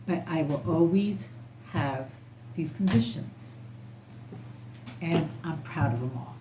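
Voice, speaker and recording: This woman tarot reader has a low, mellow voice and talks slowly. She addresses the camera casually, rambling and outspoken with plenty of emphasis, in an echoey room with a little background noise.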